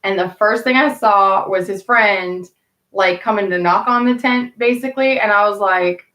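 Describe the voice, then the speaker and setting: A woman talking to her live chat, rambling from one story to the next and swearing without a second thought. Her voice sits at an ordinary middle pitch. The room around her is noticeably echoey. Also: normal speed, bright, forceful tone. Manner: rambling, candid, swears freely. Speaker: live streamer chatting with viewers.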